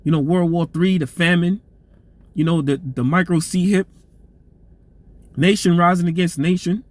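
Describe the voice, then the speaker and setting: A man's voice: sits high, fairly even intonation, moderate pace, a little mellow, no room sound. A man preaching informally and reading scripture aloud, in a loose, profane street-talk manner, tagging phrases with "man" and restarting words, his voice getting strained.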